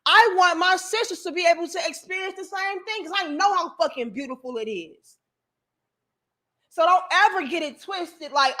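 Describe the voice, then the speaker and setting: A woman's voice: extremely high pitch, normal speed, sharp tone. A woman hosting a livestream, delivering an emphatic, profane, preachy rant to her viewers. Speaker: livestream host.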